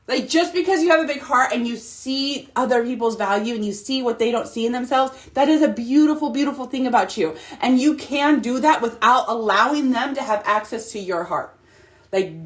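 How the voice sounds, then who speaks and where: A woman in her thirties, a mom talking casually and animatedly to her followers, emphatic and repetitive. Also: high-pitched. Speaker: mom vlogger. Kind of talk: casual motivational monologue.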